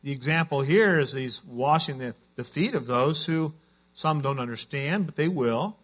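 A man's voice: mid-range voice, expressive, moderate pace, a bit bright. A man preaching a sermon as a pastor, telling stories in an earnest way.

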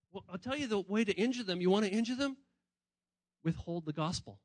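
Male pastor, high and bright, conversational preacher who voices the people he quotes, dry close sound. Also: lively intonation, a little fast, dry recording, poor audio. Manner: swings between hushed and emphatic. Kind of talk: sermon.

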